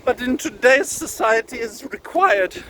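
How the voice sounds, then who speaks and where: Walking along a windy beach for a casual vlog, a man in his thirties speaks at a measured pace in a very high, expressive, fairly bright voice. He's tired and slightly winded, rambling with mock grandeur, jokes and profanity. The rough recording picks up wind over the phone mic.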